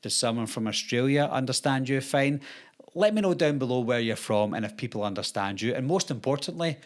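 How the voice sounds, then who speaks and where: A man's voice: mid-range voice, lively intonation, fairly quick. A Scottish man hosting his channel, talking earnestly and casually straight to camera. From Scotland. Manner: earnest, conversational, explaining. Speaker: YouTube host.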